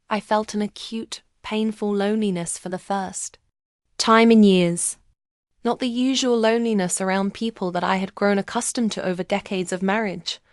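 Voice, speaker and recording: An older woman telling a first-person story in a measured, reflective voice-over. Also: medium pitch, no room sound, clean studio sound. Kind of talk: first-person scripted narration.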